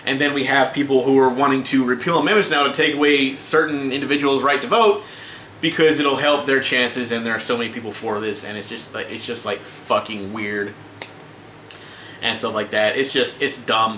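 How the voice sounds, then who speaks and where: A man vents to camera in a loose, stop-start rant full of swearing and restarts. His voice is bright and forceful. The room is echoey, with faint ambient noise behind him. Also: mid-range voice, fairly even intonation, moderate pace. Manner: exasperated, swearing, many restarts and filler words. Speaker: vlogger. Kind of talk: casual ranting commentary to camera.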